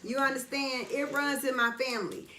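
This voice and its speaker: A middle-aged woman telling a story in an animated, casual way while getting her hair done, often checking whether the listener understands. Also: sits high, moderate pace, reverberant, a little hiss or hum. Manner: animated retelling, keeps asking "you understand?". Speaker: vlogger. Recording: busy background chatter.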